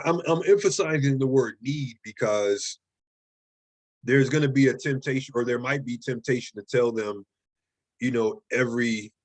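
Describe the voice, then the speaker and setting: A man in the middle of a classroom lecture on writing, talking in a loose, conversational way. He repeats key questions and keeps checking in with his students, tossing in "right?" and "okay?" as he goes. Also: mid-range voice. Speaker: writing instructor.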